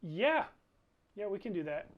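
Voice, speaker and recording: A man with a slightly raised pitch runs a tabletop game at a slow, deliberate pace. He talks through rolls and rules as he goes, pausing to think. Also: big pitch swings, lo-fi sound. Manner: unhurried, thinks aloud over rules. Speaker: game master.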